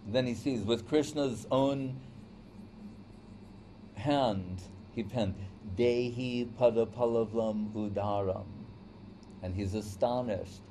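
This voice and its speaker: A man's voice: mid-range voice, takes it slowly, pauses often, warm tone, slight background noise. A man teaching a devotional lecture in a conversational storytelling way, often checking in with "right?". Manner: storytelling, acts out quoted voices. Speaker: spiritual teacher.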